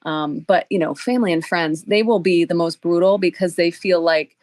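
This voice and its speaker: A woman's voice: on the low side, normal speed, a little mellow, dry recording. A woman co-hosting a podcast in casual chat, giving thoughtful advice to other makers. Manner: thoughtful, gives advice with fillers and restarts. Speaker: podcast co-host.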